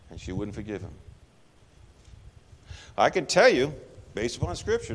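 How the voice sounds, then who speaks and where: A man preaching in a church, his fairly high voice rising and falling widely as he drives points home. He talks in a conversational, emphatic way and keeps putting questions to the congregation. A long reverb from the sanctuary hangs behind every phrase. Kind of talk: sermon.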